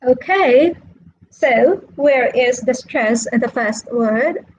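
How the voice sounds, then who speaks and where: Slow, patient woman teaching English online. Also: sits high, husky, low-quality recording. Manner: slow, patient, checks in with frequent "okay" and "right". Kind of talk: online classroom instruction. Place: home setup for a live-streamed online lesson.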